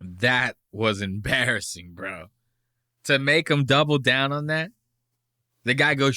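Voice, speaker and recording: A man's voice: medium pitch, unhurried, bright, forceful tone, no echo, studio quality. A man hosting a podcast, reacting to a clip with brash, mocking, profane commentary. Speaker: podcast host.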